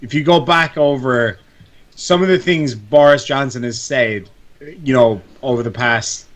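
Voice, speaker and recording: A man's voice: mid-range voice, unhurried. A man in casual chat on a live stream, talking in a rambling way and often breaking off mid-sentence. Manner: rambling, self-interrupting.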